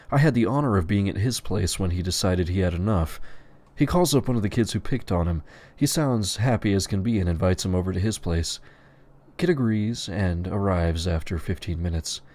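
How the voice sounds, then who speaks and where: Deadpan man narrating crude stories. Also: sits low. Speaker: storyteller. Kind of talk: reading greentext stories aloud.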